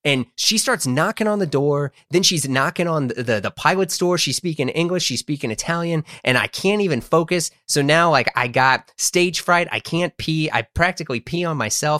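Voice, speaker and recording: A man's voice: on the high side, animated, normal speed, few pauses, pushed and bright, dry recording, clean studio sound. A man casually telling a personal story, rambling and poking fun at himself. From United States. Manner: rambling, self-deprecating, full of fillers and restarts.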